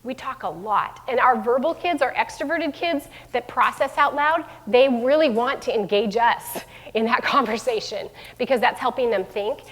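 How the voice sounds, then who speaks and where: A middle-aged woman speaks to a room of parents in a chatty, unscripted way, full of fillers and self-corrections. Her voice sits a little high. The sound carries a long hall reverb. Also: moderate pace. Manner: warm conversational speaker with many fillers and restarts. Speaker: school division head giving a parenting talk. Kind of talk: live presentation to parents. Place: room with an audience.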